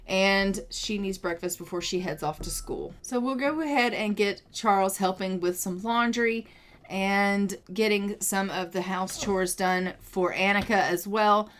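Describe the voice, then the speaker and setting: A young woman casually narrating a life-sim game, chatty and gushing, thinking out loud as she plays. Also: mid-range voice. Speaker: gaming video creator. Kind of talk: casual let's-play commentary.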